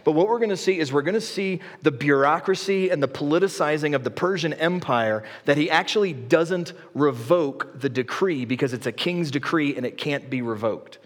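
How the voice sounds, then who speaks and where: A male pastor preaching a sermon in a conversational, animated storytelling way. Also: on the high side, normal speed, hardly any pauses. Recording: long hall reverb.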